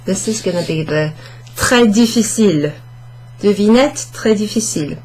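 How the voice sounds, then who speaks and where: A woman's voice: medium pitch, moderate pace, darkish tone. A woman teaching a French lesson to camera, explaining step by step and correcting herself aloud as she goes. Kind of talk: online language lesson. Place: indoors under a hot studio light. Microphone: camera facing her.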